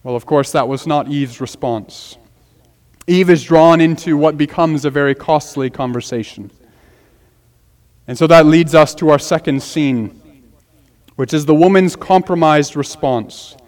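A man's voice: fairly high pitch, measured pace, a little mellow. A man preaching an expository sermon as pastor, earnest and emphatic, repeating key phrases for weight. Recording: long hall reverb.

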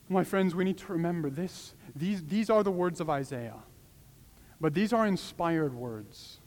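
A man's voice: high voice, moderate pace, long reverb tail. A man preaching a sermon, pleading with passion and rising to urgent cries.

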